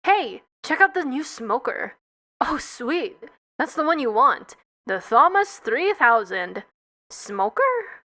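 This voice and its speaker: Woman doing smug joking beekeeper guys, bright high voice, cartoon reading. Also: sing-song, slow pace, full character voice. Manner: smug, jokey. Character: smug male beekeepers cracking jokes.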